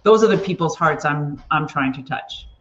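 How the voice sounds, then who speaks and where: A woman guest speaking earnestly and in a measured way about her faith in casual conversation. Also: low voice, lively intonation, roomy sound, lo-fi sound. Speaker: podcast guest.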